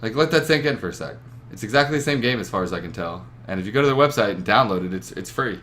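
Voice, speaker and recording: A man's voice: on the low side, animated, quick pace, fairly bright tone. A young man hosting a gaming podcast from a webcam setup, talking in a rambling, profane, emphatic way. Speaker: podcast host. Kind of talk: casual chat.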